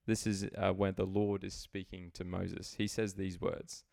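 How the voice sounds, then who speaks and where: A man delivers a sermon in an earnest, reflective way, often circling back to restart a phrase. His voice sits a little low and carries a gravelly edge. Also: level tone, a little slow, few pauses, a little mellow. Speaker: preacher.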